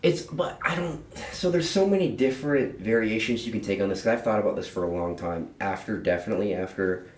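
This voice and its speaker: A man's voice: fairly low pitch, fairly quick, roomy sound, background noise. A man in his twenties hosting a casual podcast, earnest and rambling with slang. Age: 20s. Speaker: podcast host. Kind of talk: casual chat.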